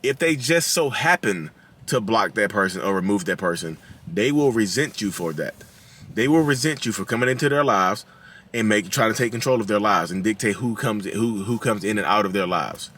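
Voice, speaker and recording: A man's voice: fairly low pitch, lively intonation, normal speed, a bit bright, breathy edge. A man in his thirties with a Southern drawl, hosting his own channel and talking casually to viewers, acting out quotes in a raised voice and laughing at his own jokes. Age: 30s. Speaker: channel host. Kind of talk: casual talking-head commentary.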